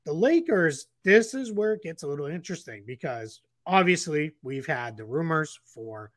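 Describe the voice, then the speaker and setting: A man's voice: a little high, sing-song, moderate pace, no room sound, clean studio sound. A man co-hosting a casual basketball podcast, rambling with restarts and fillers. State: getting the hiccups. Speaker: podcast co-host analyst.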